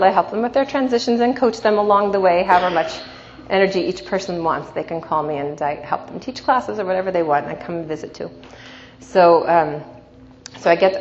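A woman teaching a class as a coach, telling lively stories and often checking in with "right?". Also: on the low side. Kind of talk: storytelling lecture to an audience. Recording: dull recording in a reverberant hall, faint noise.

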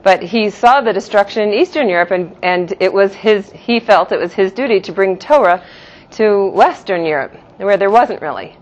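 A woman's voice: medium pitch, expressive, normal speed, a little mellow. Woman teaching a class, dull lo-fi recording. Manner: explanatory, repeats terms in two pronunciations, laughs lightly. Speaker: teacher of a Jewish philosophy class. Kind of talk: classroom lecture.

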